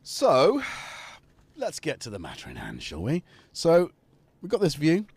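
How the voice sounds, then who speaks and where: A man's voice: a little high, wildly swooping pitch, unhurried, slightly rough, no room sound. A man hosting a casual live stream, rambling and chatty as he talks to viewers and his cat.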